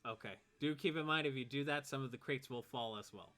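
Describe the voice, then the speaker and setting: Acting as game master for a tabletop game, a laid-back man counts out movement step by step and chuckles easily. His medium-pitched voice is very bright and forceful, and he talks fairly quickly.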